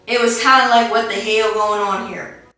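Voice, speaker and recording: A woman's voice: medium pitch, fairly even intonation, moderate pace, pushed and bright, recorded from a distance. Sassy woman podcaster in an echoey room. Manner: sassy, jokey, tongue-twisting asides. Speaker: podcast host. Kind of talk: casual commentary. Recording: echoey room, faint music, off-mic.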